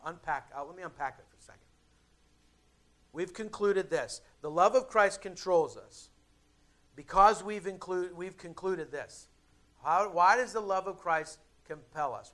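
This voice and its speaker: A young adult male pastor preaching a sermon in a conversational way, with dramatic pauses and emphatic builds. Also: high voice, a bit bright.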